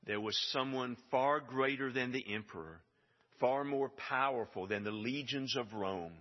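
A man's voice: mid-range voice, measured pace. A man preaching a sermon, emphatic and building to stressed repeated phrases. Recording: dull sound with long hall reverb.

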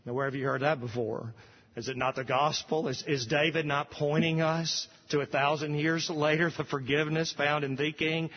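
A pastor preaching a sermon, rising to emphatic repeated refrains, recorded from a distance in a church sanctuary. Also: male voice, on the high side, steady tone, normal speed, long reverb tail, highs cut off.

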